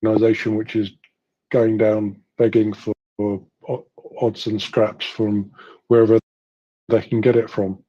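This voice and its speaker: A man with a low, husky, mellow voice speaks in an even, flat tone on a live online audio panel. He weighs his views carefully and hedges them. The audio is muffled like a streamed call. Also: unhurried. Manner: hedging, thoughtful. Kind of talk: casual analytical discussion.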